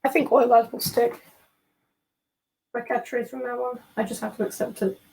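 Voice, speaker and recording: A woman's voice: a little high, little pitch movement, normal speed, creaky, darkish tone, slightly rough, low-quality recording. A woman chatting casually on a live stream. She rambles, jokes and gets easily sidetracked.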